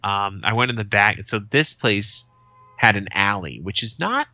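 Male podcast co-host, thirties, swearing storyteller, bright edgy tone, dry close sound. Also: lowish voice, lively intonation, measured pace, no room sound, muffled recording, faint music behind. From Arizona, USA. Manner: swearing, storytelling with acted quotes. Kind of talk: casual chat.

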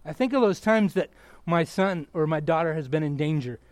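Excitable, high-voiced male pastor preaching. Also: normal speed, no echo. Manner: excitable, bursts into yelling then drops to quiet. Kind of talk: sermon.

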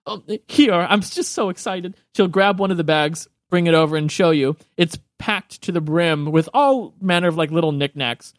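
Game master, man with a high voice, relaxed, laughs easily, dry room. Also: moderate pace, hardly any pauses, no echo. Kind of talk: narrating a tabletop game.

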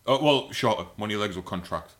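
A man with a low, bright and forceful voice, spinning a rambling comic story in casual podcast chat. He swears freely and laughs as he goes. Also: animated, fast talker. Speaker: podcast co-host.

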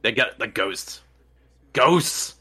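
A man's voice: mid-range voice, takes it slowly, husky. A man co-hosting a podcast, chatting casually and jokingly over a movie he is watching, laughing often. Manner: animated, jokey, laughs often. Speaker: podcast co-host. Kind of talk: casual movie commentary chat.

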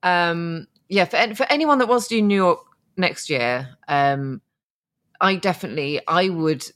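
A woman's voice: fairly low pitch, lively intonation, normal speed, a bit bright. A woman co-hosting a podcast, chatting casually with restarts and laughs as she recounts her marathon morning. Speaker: podcast co-host, marathon runner. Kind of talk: casual chat.

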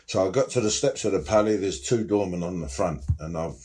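Middle-aged man, low register, ex-doorman recounting a story in interview, loose and frank. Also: a little fast, dark tone. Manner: rambling, frank storyteller with many restarts. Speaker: former nightclub security boss.

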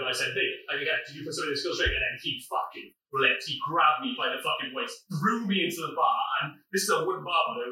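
A man, a podcast guest in a pub, telling a story in a fast, animated and profane way, often laughing. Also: mid-range voice, distant mic. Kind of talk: casual storytelling. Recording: echoey room, voice from afar.

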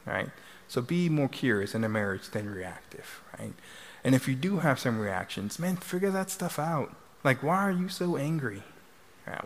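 Middle-aged male couples therapist, conversational and mid-pitched, faint room ambience. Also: fairly bright tone, a little hiss or hum. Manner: chatty, tags sentences with "right?". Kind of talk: speaking to a live audience. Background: audience laughter.

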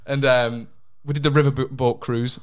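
A young man, telling a rambling story on a casual podcast, his voice jumping up in pitch when he gets excited. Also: normal speed, clear, resonant tone. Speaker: podcast co-host. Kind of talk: casual chat.

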